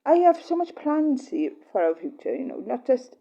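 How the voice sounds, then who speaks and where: A woman's voice: high-pitched, big pitch swings, moderate pace, vocal fry, hardly any pauses, warm tone, muffled recording. A middle-aged woman, a mother, talking earnestly to her partner in a rambling, apologetic monologue full of fillers. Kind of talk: personal heartfelt monologue.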